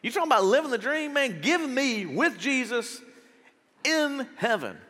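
Animated high-voiced preacher in a hall. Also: male voice. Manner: animated, conversational preaching with quick rhetorical questions. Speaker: pastor. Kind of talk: sermon. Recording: reverberant hall sound.

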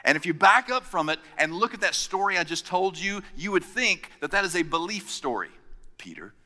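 Man, sermon, bright forceful voice, animated retelling, hushed asides, reverberant hall. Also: high voice, fairly quick. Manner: storytelling with acted-out quotes, swinging from loud to hushed. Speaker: pastor.

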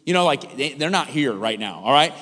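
A man preaching a sermon to a congregation, telling a personal story in an animated, conversational way and asking the listeners questions. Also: mid-range voice, fairly quick, slightly rough. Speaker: pastor. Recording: hall reverb.

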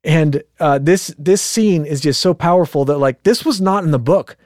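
This is a man in casual podcast conversation who retells stories with energy, swearing and slipping into quoted voices. His voice sits a little high for a man. It is recorded close and dry, with no room echo. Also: normal speed. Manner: animated storyteller who swears and acts out quotes. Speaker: podcast co-host.

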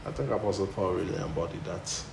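A man preaching a sermon, swinging from emphatic loud bursts back down to low, quiet delivery. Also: fast talker, vocal fry. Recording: echoey room with faint noise.

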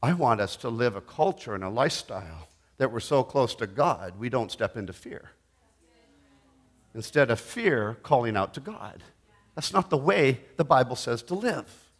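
A middle-aged man preaching a sermon, dramatic, swinging between loud bursts and hushed asides. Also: fairly high pitch.

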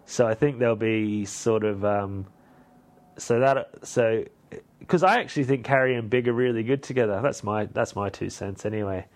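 A man's voice: on the low side, normal speed. A man hosting a podcast, recapping a film in a rambling, casual way with swearing and self-corrections. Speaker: podcast host.

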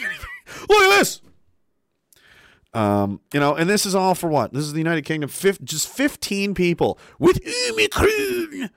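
Livestream host, male, slightly high voice, lively swinging delivery, dry close sound, crude sarcastic banter. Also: clear, resonant tone, no echo. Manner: animated, crude, sarcastic, laughs often. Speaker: livestream host reading chat. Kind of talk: casual ranting livestream chat.

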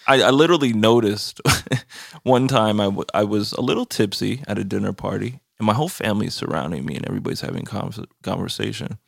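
Gravelly, low-voiced man telling loose stories. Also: fast talker, no echo, clean studio sound. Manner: loose, profane storytelling with lots of "like". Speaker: podcast co-host. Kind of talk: casual chat.

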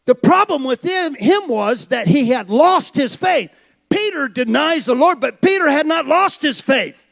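A man preaching a sermon with passion, building to shouted high points. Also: lively intonation, measured pace, vocal fry. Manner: impassioned preaching that swells to shouts.

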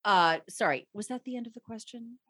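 A woman's voice: fairly high pitch, brisk, pushed and bright, husky, no room sound, studio quality. A woman, a narrator answering interview questions in a chatty, thoughtful way that often restarts mid-sentence. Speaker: audiobook narrator, guest.

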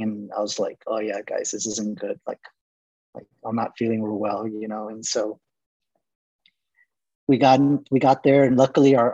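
Husky-voiced man telling rambling stories. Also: mid-range voice, dry recording, muffled recording. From Laredo, Texas. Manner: relaxed, rambling, lots of fillers. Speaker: interview guest. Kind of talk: casual storytelling interview.

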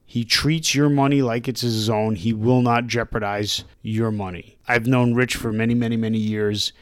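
A man co-hosting a casual podcast, chatty, reading out tasting notes in a flat list-like way on a close mic. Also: medium pitch, moderate pace, clear, resonant tone, dry recording. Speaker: podcast co-host.

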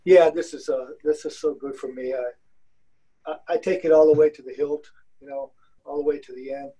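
An older man with a mellow, slightly raised voice shares his experience with a discussion group. He talks haltingly, restarting sentences and reaching for homespun phrases. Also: on the high side, fairly even intonation, breathy edge, highs cut off. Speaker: class participant. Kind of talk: personal sharing in a group.

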